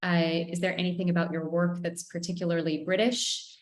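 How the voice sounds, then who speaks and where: A woman's voice: fairly low pitch, little pitch movement, a little fast. A woman interviewing a novelist over a video call, playful and reading out audience questions. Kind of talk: conversational literary interview. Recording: roomy video call audio.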